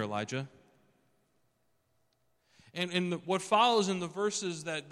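A man's voice: on the high side, fairly bright tone, in a large hall. A man preaching a sermon in a conversational way, acting out the scripture quotes as he reads them. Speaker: pastor.

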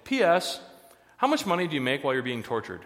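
A man's voice: medium pitch, wildly swooping pitch, fast, fairly bright tone, long reverb tail. A man pastor giving a sermon in a conversational way, with joking asides between the serious points.

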